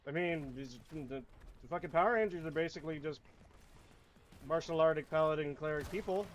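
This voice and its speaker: A man giving casual let's-play commentary, swearing at enemies and whining about his play in loud, repetitive outbursts. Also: on the high side, fairly quick, highs cut off. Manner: profane, whiny trash talk at enemies; excitable outbursts and repeated phrases. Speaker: gamer.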